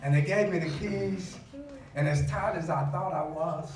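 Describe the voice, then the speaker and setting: A man preaching a story, laughing often and rising to shouts. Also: on the high side, moderate pace, crowd noise. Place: church. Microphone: far camera. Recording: echoey church from far off, loud congregation.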